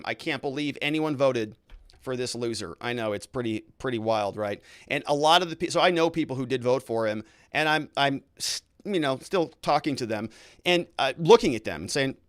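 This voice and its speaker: A man's voice: mid-range voice, lively intonation, moderate pace, a bit bright, no echo, studio quality. Blunt, opinionated man hosting a livestream. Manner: blunt, opinionated, irritated asides. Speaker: livestream host reading viewer comments. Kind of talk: casual live-stream commentary.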